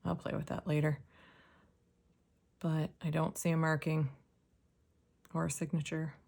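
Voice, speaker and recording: Woman, low and gravelly; relaxed soft-spoken unboxing narration with occasional whispers. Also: measured pace. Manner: soft-spoken, drifting into whispers while examining items. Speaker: jewelry reseller.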